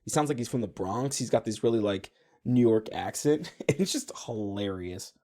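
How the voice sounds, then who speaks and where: Mellow, lively-voiced podcast host. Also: male voice, on the low side, moderate pace. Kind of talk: casual chat.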